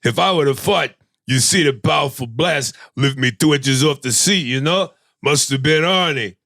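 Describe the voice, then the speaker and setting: A gruff, mumbling action hero with a thick, slurred drawl, as a man puts him on. The voice is low and gravelly, recorded close and dry with no room sound. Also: moderate pace, fairly bright tone, no echo. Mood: boastful. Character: gruff tough-guy action star, male, mumbling.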